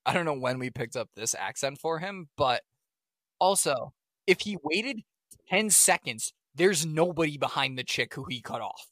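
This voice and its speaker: A man co-hosting a podcast in casual chat, animated and sarcastic, laughing often. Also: fairly high pitch, moderate pace, no room sound, studio quality. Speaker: podcast co-host.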